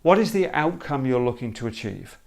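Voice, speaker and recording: Gravelly emphatic male workshop speaker. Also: medium pitch, fairly quick. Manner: emphatic, animated, acts out hesitant problem owners. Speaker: creative problem solving consultant. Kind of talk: explanatory talk.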